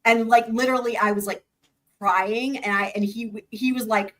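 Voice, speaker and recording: A woman hosts a casual livestream, talking to her viewers as she tells a story, reading out chat comments and swearing freely. Her voice is on the high side and a bit bright, with fairly even intonation and a moderate pace.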